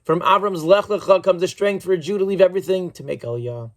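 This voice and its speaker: High-pitched male rabbi, earnest sermon, measured delivery. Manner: earnest storytelling, measured and reflective.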